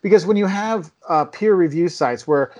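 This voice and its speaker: Young man, animated storyteller, highish voice, casual travel chat. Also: moderate pace, highs cut off. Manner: animated storyteller, acts out quotes with big pitch jumps. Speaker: travel video maker, podcast guest.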